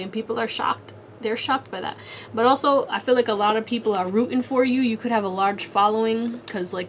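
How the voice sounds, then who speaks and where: Talking straight to "you," this woman gives a casual pick-a-card tarot reading, blunt and slangy and swearing freely. Her voice is mid-range, and slight background noise can be heard.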